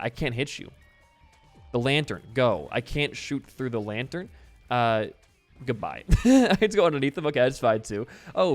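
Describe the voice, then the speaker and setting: A young adult man talking through a video game while telling a story, in a chatty, rambling way with casual swearing. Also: medium pitch. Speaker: gaming video host. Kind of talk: casual let's-play commentary mixed with storytelling.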